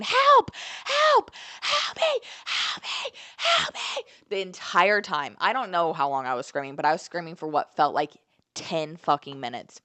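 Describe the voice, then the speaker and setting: A woman's voice: fairly low pitch, fairly bright tone, no room sound. A woman, telling a dramatic fight story in a casual vlog, swearing often and acting out the moments. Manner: profane, dramatic storytelling with acted-out quotes.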